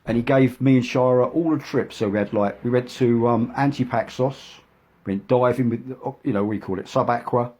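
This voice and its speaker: A man's voice: moderate pace, darkish tone, slightly rough. Older man telling a rambling anecdote. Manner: rambling, full of restarts and asides; acts out quotes in a higher voice. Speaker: storyteller. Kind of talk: casual spoken anecdote.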